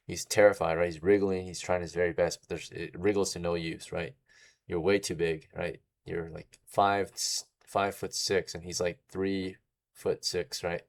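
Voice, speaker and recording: A man narrating as game master in a casual way, often checking in with "right?". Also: low voice. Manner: casual, tags lines with "right?".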